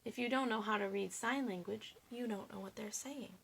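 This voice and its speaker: A woman reading a picture book aloud to children, expressive and pausing to explain. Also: medium pitch, vocal fry, breathy edge.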